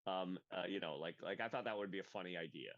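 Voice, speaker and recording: A man's voice: deep voice, fast, a bit bright, dry recording. A man co-hosting a comedy podcast, talking in a rambling casual way full of restarts and tangents, on a dull lo-fi recording. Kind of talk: casual chat. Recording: dull lo-fi sound.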